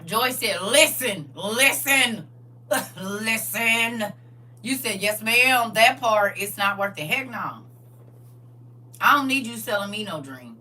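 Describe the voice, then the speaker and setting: A woman hosting a casual livestream, reading viewer comments aloud and preaching in a lively way with frequent laughs. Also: medium pitch, slow pace, recorded from a distance. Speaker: livestream host.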